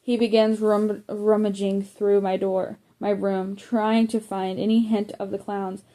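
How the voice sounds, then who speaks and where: A woman's voice: medium pitch, little pitch movement, unhurried, warm tone. A woman narrating a first-person middle-grade audiobook, reading plainly with occasional slips and self-corrections. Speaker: audiobook reader.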